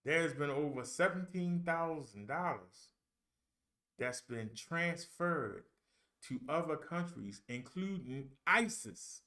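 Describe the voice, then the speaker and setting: A man's voice: fairly high pitch, expressive, takes it slowly, pushed and bright, pitched below the performer's own voice, exaggerated voice. A man imitating a male phone scam caller who reads stiffly from a script. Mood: officious.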